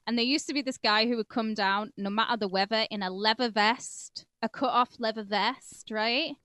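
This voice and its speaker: A woman's voice: fairly high pitch, steady tone, moderate pace, a bit bright, no room sound, clean studio sound. A woman from Cumbria, co-hosting a casual true-crime podcast, chatty and profane. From England (Cumbria). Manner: chatty and profane, drifts between reading and joking. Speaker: podcast co-host.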